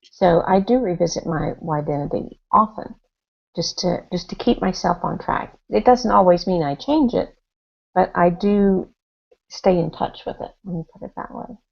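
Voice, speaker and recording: A woman's voice: on the low side, moderate pace, vocal fry, breathy edge. A woman client on a group coaching call, chatting casually and thinking aloud in a hesitant way. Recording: dull lo-fi call audio.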